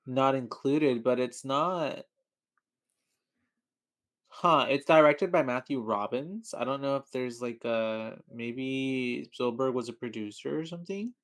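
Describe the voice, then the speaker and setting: A man's voice: mid-range voice, slow. Easygoing male podcast co-host. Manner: loose, joking, trails off often. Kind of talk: casual movie recap chat.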